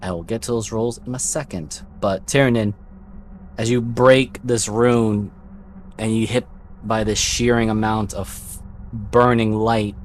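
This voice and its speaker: Man, lowish voice, tabletop game master, relaxed narration, faint noise behind. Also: unhurried.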